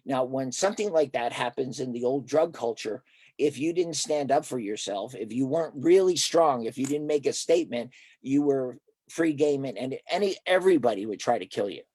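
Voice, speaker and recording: A man's voice: medium pitch, moderate pace, slightly rough, dry recording. An older man, a therapist, telling stories in a conversational interview and acting out the dialogue of the people in them. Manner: animated storyteller who acts out quoted dialogue.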